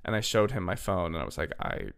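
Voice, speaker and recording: A young man hosting a podcast, telling a story casually. He talks in a chatty way, full of "literally" and "like", and his voice is slightly hoarse. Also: low voice, very animated, fast talker, a bit bright. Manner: chatty, filler-heavy, "literally" and "like". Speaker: podcast host.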